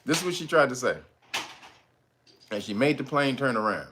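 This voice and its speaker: A man's voice: medium pitch, normal speed, noisy background. A man in his thirties hosting casual commentary, profane and laughing as he talks. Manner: laughing, profane, animated storytelling. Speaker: host.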